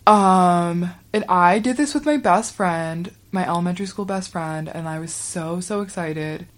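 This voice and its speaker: A woman's voice: fairly low pitch, a little slow. A young woman hosting a podcast, telling a story in a chatty, wry way with the odd swear. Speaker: podcast host. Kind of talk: casual storytelling.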